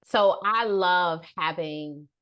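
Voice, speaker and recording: A woman's voice: fairly low pitch, slow pace, fairly bright tone, smooth, highs cut off. A woman therapist and author guesting on a podcast, speaking directly and animatedly, often acting out exchanges with her clients. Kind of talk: casual podcast interview.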